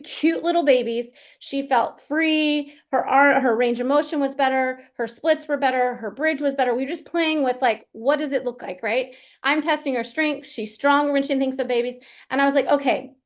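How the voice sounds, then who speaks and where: A high-pitched woman, working as a performance coach, recounts a story with lively, talkative energy at a live question-and-answer event.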